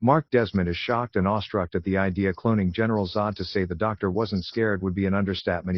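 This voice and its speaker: A man's voice: lowish voice, dry recording. A man reading a fan fiction story aloud in a plain way, with frequent slips and restarts. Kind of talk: amateur story narration. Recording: dull lo-fi recording.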